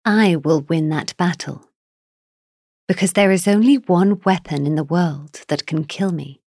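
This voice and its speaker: A woman's voice: lowish voice, measured pace, darkish tone, no echo. A woman voicing a boastful, brutish male giant who bellows threats at his listeners.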